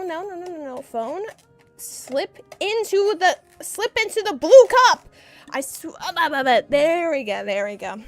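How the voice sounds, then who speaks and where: A young woman streamer chatting casually with her viewers and reading a storybook aloud, giggly and full of jokes. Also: sits high. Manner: chatty, giggly, talks to chat, breaks off into jokes.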